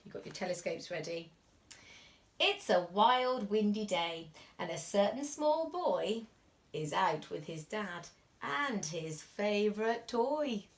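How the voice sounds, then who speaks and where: Lively woman reading to small children. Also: mid-range voice, slow. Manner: animated and expressive, drops to whispers for suspense. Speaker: reception class teacher.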